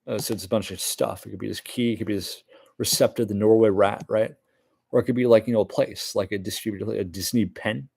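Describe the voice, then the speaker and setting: A man's voice: on the low side, fairly even intonation, quick pace, vocal fry, husky, dry recording. A man talking in a casual, meandering monologue, full of fillers and restarts. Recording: loud keyboard typing in background.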